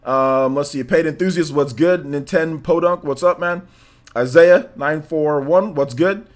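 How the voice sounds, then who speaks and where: A young man with a slightly high voice hosts a casual live stream, rambling loosely and firing off quick shout-outs to his viewers.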